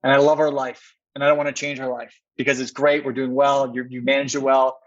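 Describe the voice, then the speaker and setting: A man sits as a podcast guest and tells a long personal story in an earnest way, repeating words for emphasis. His voice sits at an ordinary middle pitch. The audio is dry and slightly dull and muffled. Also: flat delivery, fairly quick, dry recording. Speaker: podcast guest, company co-founder.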